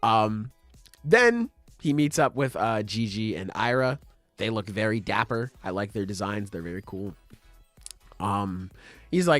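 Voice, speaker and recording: A man's voice: on the low side, lively intonation, a little slow, a bit bright, dry recording, soft background music. A man co-hosting a podcast, chatting loosely and swearing as he recaps manga chapters, slipping into offhand paraphrases of the characters. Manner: laid-back, profane, acts out characters in offhand paraphrase. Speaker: podcast co-host.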